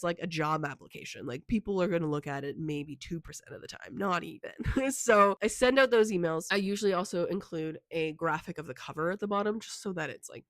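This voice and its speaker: A woman's voice: lowish voice, no echo. A young woman with a sick voice, chatting casually in an advice vlog as an indie author, full of filler words and encouragement. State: sick, with a congested voice. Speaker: indie author and book vlogger.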